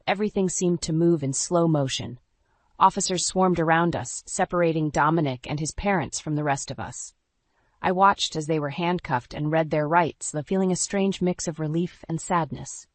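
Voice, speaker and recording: A woman's voice: low-pitched, dry recording. A woman narrating a dramatic first-person story in an earnest, scripted way.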